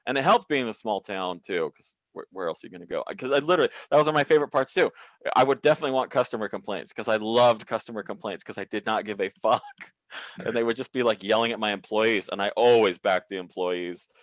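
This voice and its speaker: A comedian telling profane work stories in a casual chat over a video call, acting out the people in them. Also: male voice, fairly low pitch, quick pace, no room sound. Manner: profane, animated storyteller who acts out quotes. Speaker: comedian guest.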